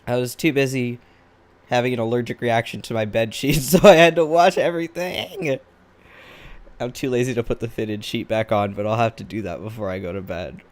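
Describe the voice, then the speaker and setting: At medium pitch and a fairly quick pace, the artist talks casually while drawing on camera. He sounds tired, wandering from topic to topic and poking fun at himself.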